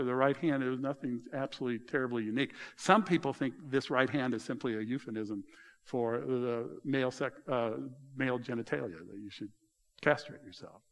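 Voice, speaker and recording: A middle-aged man preaching from the pulpit with a lively, swinging delivery. His pitch climbs sharply when he acts out conversations in his stories, then drops back to a low, quiet aside. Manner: animated storytelling, voice rising high in retold dialogue. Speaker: pastor. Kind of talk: sermon.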